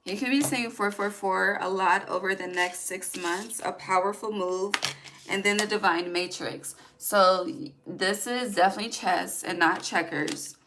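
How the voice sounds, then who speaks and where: A woman's voice: mid-range voice, a little slow, noisy background. A woman giving a casual tarot reading, chatty and emphatic, swearing freely and talking straight to her viewers. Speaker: tarot reader.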